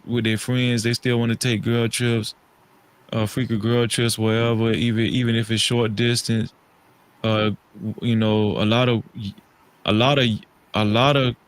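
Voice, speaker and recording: A man co-hosting a podcast, talking in a relaxed, thoughtful way with frequent restarts and "you know". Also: medium pitch, a little hiss or hum. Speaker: podcast co-host. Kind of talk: casual chat. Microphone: studio microphone, podcast setup.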